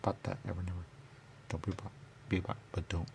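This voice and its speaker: A man's voice: sits low, little pitch movement, fast talker, gravelly, darkish tone, slight background noise. A man rambling in circles, asking himself questions and answering them, repeating words and dropping into sudden whispers. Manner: circular, repetitive musing with sudden whispers.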